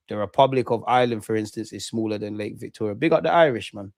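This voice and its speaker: A young man, chatting with viewers and shouting them out during a live football watch-along. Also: lowish voice, quick pace, hardly any pauses, dry recording, studio quality. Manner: chatty slang-heavy banter, shouting out viewers. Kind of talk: live reaction chat.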